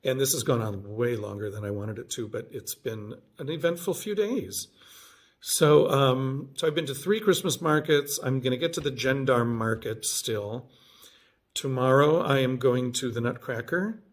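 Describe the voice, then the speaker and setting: A man's voice: medium pitch, moderate pace. Rambling man in his fifties. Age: 50s. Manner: rambling, self-correcting, animated when quoting himself. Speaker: vlogger. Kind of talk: casual storytelling vlog.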